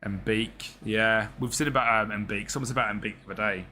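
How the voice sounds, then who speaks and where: A young man giving loose live commentary over a football management game, his voice bright and forceful. He chats with viewers, reads their messages and swears casually, with faint noise behind him. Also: on the low side, steady tone, brisk. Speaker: streamer.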